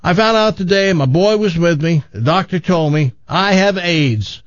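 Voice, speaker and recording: A man's voice: high voice, moderate pace, no echo, voice pushed up, natural voice. A man voicing a jovial, joking middle-aged father who toasts a crowd of friends. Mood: boisterous. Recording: slightly dull radio audio.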